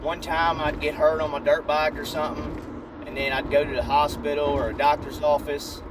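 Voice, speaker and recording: A man telling a brash, animated comedic story in a casual way, recorded in a parked car. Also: a little high, normal speed, background noise. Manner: animated, brash, shifting into voices.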